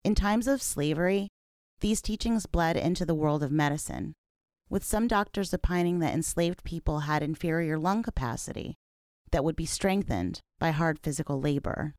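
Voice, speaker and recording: A woman with a low, steady voice carries a scripted documentary narration. She speaks in a measured, serious way, and the recording is close and dry with no room sound. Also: no room sound. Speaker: podcast host.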